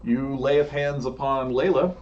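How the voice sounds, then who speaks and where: A man narrating a tabletop game as game master, unhurried and laughing often. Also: mid-range voice, steady tone, darkish tone, distant mic. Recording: dull lo-fi sound, faint room noise.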